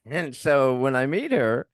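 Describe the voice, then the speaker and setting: A middle-aged man co-hosting a podcast, telling a story in a casual, animated way and laughing often as he talks. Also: medium pitch, takes it slowly, dry recording, studio quality. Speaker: podcast co-host.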